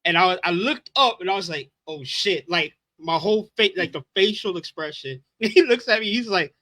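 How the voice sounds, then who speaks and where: A man co-hosting a podcast, excitable and profane, reacting quickly and telling his own stories. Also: high-pitched, dry recording. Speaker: podcast co-host. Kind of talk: casual chat, storytelling.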